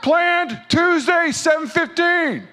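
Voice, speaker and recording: A man putting on the voice of an over-hyped male preacher who schedules revival like an event, loud and mock-excited. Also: extremely high pitch, slow pace, long reverb tail, slight background noise, voice pushed up, full character voice.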